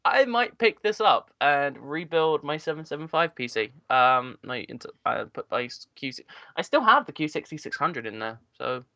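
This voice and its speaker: A man's voice: on the high side, big pitch swings, normal speed, vocal fry, sharp tone, dry recording. A man co-hosting a podcast, rambling casually about computer hardware with lots of fillers. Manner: rambling, filler-heavy tech talk. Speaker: podcast co-host. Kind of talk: casual chat. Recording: dull lo-fi dry sound.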